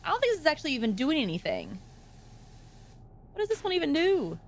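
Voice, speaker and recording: High, lively woman gaming and giggling. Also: quick pace. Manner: playful, giggly, talks to the game's mascot in a sing-song voice. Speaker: streamer playing a game with a friend. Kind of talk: casual gaming chat.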